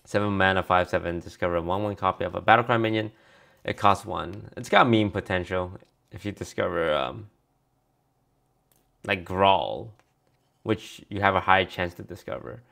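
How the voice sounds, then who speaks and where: A man with a low, gravelly voice talks through a card review in a loose, casual stream. He reads card text aloud and tosses offhand replies to viewers between cards. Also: moderate pace, a bit bright.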